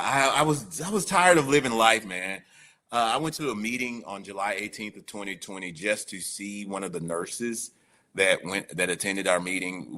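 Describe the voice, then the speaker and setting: Forceful low-voiced man telling his story. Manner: candid, slangy, emotional storytelling. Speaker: guest. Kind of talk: personal recovery testimony.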